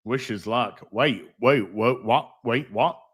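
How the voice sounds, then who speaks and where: A man's voice: medium pitch, slow pace, a bit bright, slightly rough. A middle-aged man hosting a casual livestream, rambling, reading out donations and swearing freely. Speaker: livestream host.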